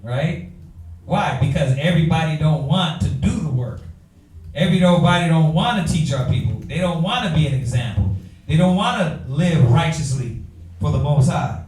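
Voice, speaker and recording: A man's voice: on the high side, lively intonation, normal speed, a little mellow. A man teaching a Bible class in a preaching style, firing rhetorical questions at his listeners and calling on readers. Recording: echoey room from far off.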